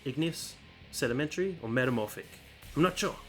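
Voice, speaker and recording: A man's voice: fairly high pitch, animated, brisk, a bit bright, soft background music, low-quality recording. A man doing an accented voice for a boastful wrestler who taunts his rival. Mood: taunting. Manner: swaggering taunts.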